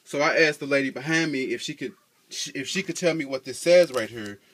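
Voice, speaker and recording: Male couponing vlogger, mid-range voice, chatty and animated, talks straight to camera. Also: mid-range voice, brisk. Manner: animated, acts out both sides of an argument; colloquial, chatty, frequent "you know". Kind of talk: casual storytelling to camera.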